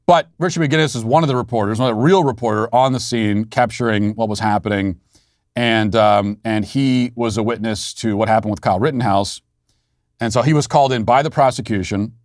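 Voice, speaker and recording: A man's voice: mid-range voice, a little fast, no room sound, studio quality. A man hosting a podcast, telling a story in a sardonic, mock-outraged way. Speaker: podcast host. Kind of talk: casual monologue.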